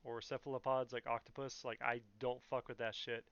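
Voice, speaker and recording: A young YouTuber from California wanders through a relaxed Q&A vlog, peppering it with fillers and blunt curses. He speaks fairly quickly at a medium pitch with little variation, his voice a bit bright, clear and resonant, while the dry, echo-free recording sounds dull and muffled.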